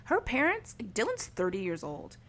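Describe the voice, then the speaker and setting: A young woman chats casually, retelling a story with plenty of fillers and little acted-out quotes. Her voice sits at a middle pitch. It is relaxed, everyday podcast talk. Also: normal speed. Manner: chatty storyteller, filler-heavy, acts out quoted lines. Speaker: podcast co-host recapping a story. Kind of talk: casual chat.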